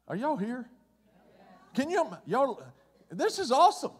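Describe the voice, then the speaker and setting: Pastor, male, high voice, animated conversational sermon, long hall reverb. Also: measured pace, husky. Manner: conversational preaching, swinging from loud excitement to hushed low tones.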